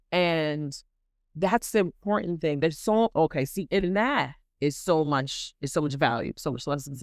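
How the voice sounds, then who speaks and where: A woman hosting a podcast who gives an animated, dramatic motivational faith talk and repeats points for emphasis. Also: low voice, dry recording, studio quality. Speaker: podcast host.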